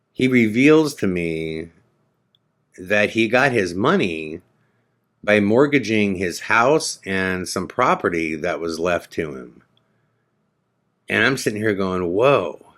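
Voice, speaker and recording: A man's voice: on the low side, lively intonation, slow pace, pauses often, a bit bright. A man hosting a podcast, telling a story in a loose, rambling way with lots of "you know.". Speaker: podcast host. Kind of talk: casual storytelling.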